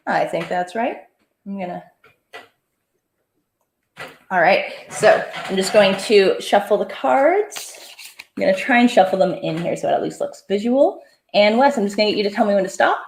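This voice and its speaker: A woman's voice: medium pitch, expressive, normal speed, gravelly, pauses often, echoey room, slight background noise. A woman hosting a comedy interview, chatty and giggly, full of "like" and fillers. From Southern Ontario, Canada. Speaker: comedian host. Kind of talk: casual interview chat.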